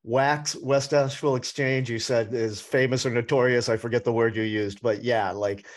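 A chatty man hosts his food podcast with an upbeat, playful delivery. His voice sits at a middle pitch and he leans on words for emphasis as he chats with his guest. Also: steady tone, normal speed. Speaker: podcast and radio host. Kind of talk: casual interview chat.

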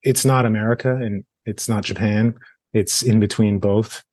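A man's voice: on the low side, fairly even intonation, normal speed, a little mellow, no room sound. A man hosting an interview, reading an introduction and asking questions earnestly. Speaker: interview host.

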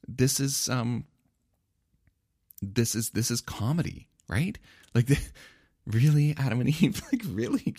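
A man preaching a sermon in a casual, laughing, animated storytelling manner. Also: medium pitch, dry recording, clean studio sound. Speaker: pastor.

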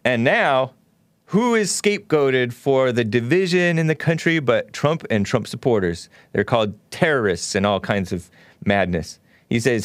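A man's voice: medium pitch, expressive, normal speed, no room sound. A male talk show host delivering an opinionated monologue in a scornful, ranting way, with mocking laughs.

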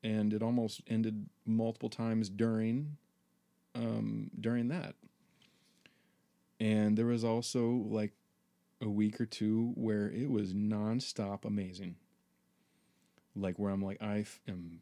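A man's voice: lowish voice, flat delivery, takes it slowly, long pauses, mellow. A man hosting a podcast, telling a personal story in a rambling, profane monologue full of fillers. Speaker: podcast host.

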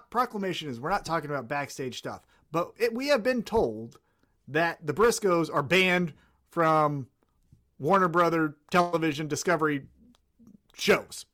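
Animated man chatting on a wrestling podcast. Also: on the high side. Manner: animated, swears casually, loses track of names. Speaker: podcast co-host. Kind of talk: casual wrestling podcast chat.

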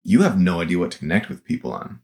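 A man's voice: sits low, sing-song, fast, vocal fry, a little mellow. A man speaking as a guest in a casual conversation, thoughtful and laughing easily as he talks. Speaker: guest, former field worker.

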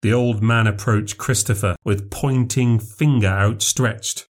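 A man with a British accent narrating a horror story in a measured, dry way. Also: fairly low pitch, fairly even intonation.

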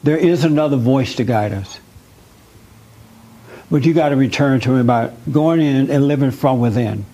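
Man preaching to a group, kinda high voice, earnest, keeps asking if it makes sense. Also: warm tone, low-quality recording. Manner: earnest, repetitive, coaxing. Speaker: spiritual teacher leading a group. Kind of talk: interactive sermon with audience questions.

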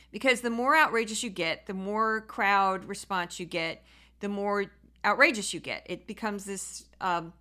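Bright-voiced opinionated woman podcaster. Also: mid-range voice. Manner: opinionated, sarcastic, with frequent fillers. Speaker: podcast host. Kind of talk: casual political commentary.

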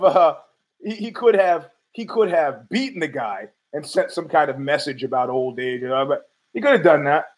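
A man rambles through a casual podcast monologue in a fairly high voice. He swears freely and keeps talking back to himself. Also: animated, normal speed, poor audio. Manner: rambling, profane, argues with himself. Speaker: podcast host.

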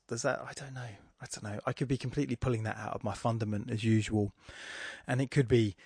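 A man's voice: mid-range voice, no echo, studio quality. A man hosting a solo podcast, rambling and self-deprecating as he talks through poetry and philosophy with many restarts and asides. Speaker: podcast host.

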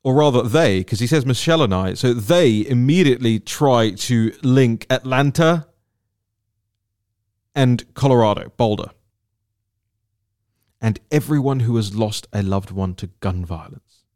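A man's voice: medium pitch, measured pace, pauses often, darkish tone, no echo, clean studio sound. A man hosting a solo political commentary podcast, talking in an indignant, emphatic way and repeating words for stress.

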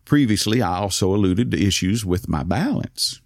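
A man with an East Texas accent telling a story in a soft voice whose words slur, courtly and wry. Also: deep voice, animated, moderate pace, no room sound, studio quality. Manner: courtly, old-fashioned and wry. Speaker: podcast host. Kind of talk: storytelling monologue.

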